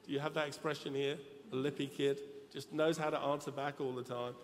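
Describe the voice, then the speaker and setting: His voice sits in the mid-range, delivered flatly and briskly over a little hiss or hum. This middle-aged preacher jokes and tells stories in a chatty sermon, speaking straight to his congregation in a big church whose reverberant hall adds faint ambience.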